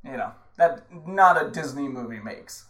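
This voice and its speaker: A man's voice: mid-range voice, expressive, normal speed, a bit bright, roomy sound. A man in his thirties co-hosting a casual podcast, laughing often and restarting his sentences. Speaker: podcast co-host. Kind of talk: casual chat.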